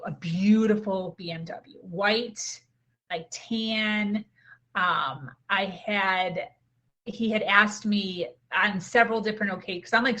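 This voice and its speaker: Candid, chatty woman telling a story. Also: mid-range voice. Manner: lively, candid, quick asides and filler words. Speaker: podcast guest, life coach. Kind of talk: casual anecdotal storytelling.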